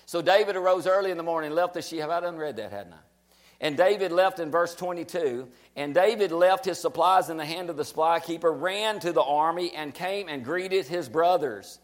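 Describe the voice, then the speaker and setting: Male pastor, high voice, emphatic sermon delivery. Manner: emphatic, repetitive exhortation.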